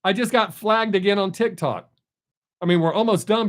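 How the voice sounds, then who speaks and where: A middle-aged man talks straight to his live-stream viewers in a blunt, chatty way. His voice sits a little on the high side, and he rambles easily from one story to the next. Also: moderate pace, fairly bright tone. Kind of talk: casual chat with viewers.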